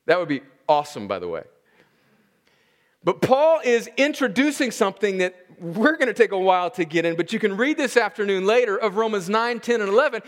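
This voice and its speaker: High-voiced preacher in an echoing hall. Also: male voice, big pitch swings. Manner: slows and stresses key words for emphasis. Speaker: pastor. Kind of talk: expository sermon. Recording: long reverb of a large hall.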